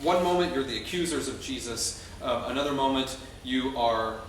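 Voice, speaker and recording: Male choral conductor teaching a rehearsal, mid-pitched and measured, faint background noise. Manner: explanatory, with frequent ums and restarts. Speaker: choir conductor. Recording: very echoey room, distant mic, faint noise.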